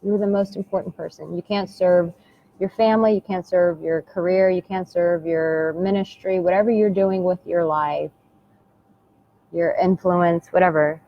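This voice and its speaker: An American woman talks straight to her viewers in a soft, earnest, intimate way, looping back over her words to press each point home. Her voice sits a little low. The recording is dull and lo-fi, with a faint hiss in the background. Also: fairly even intonation, normal speed. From United States. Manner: earnest, soft and intimate, with repeated phrases and endearments. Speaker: dating and relationship coach. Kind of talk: heartfelt motivational talk to camera.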